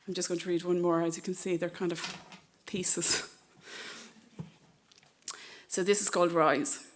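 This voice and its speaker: An Irish woman poet giving a live poetry reading at a library event, reciting in a measured, emphatic way with pointed pauses. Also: on the low side, level tone.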